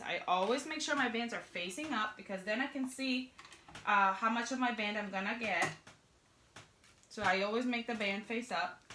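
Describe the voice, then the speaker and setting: There's a faint hiss or hum under this young woman's fairly high, bright, pushed voice. As a sewing pattern instructor, she works at her machine through a casual tutorial, chatty and joking with her viewers.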